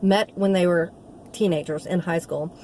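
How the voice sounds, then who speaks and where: A woman's voice: lowish voice, steady tone, moderate pace, a little mellow, slight background noise. Heartfelt woman vlogger. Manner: heartfelt, rambling storytelling. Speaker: vlogger, nursing assistant. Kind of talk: casual talking-to-camera vlog.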